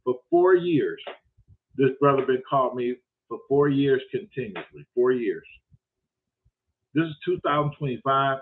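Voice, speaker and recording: A man's voice: medium pitch, animated, a little slow, a little hiss or hum. A man hosting his own show, rambling through a casual, profane story with lots of repetition. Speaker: show host. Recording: tinny phone-like sound.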